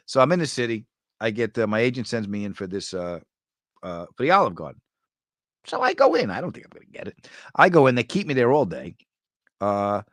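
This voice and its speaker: A New York comedian riffing casually through viewer comments, his pitch swinging widely as the jokes land. He tells stories with sudden high, excited bursts. The sound is dry and close, with no room around it. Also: dry recording. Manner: jokey, animated storyteller with sudden high bursts. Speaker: comedian hosting a live chat.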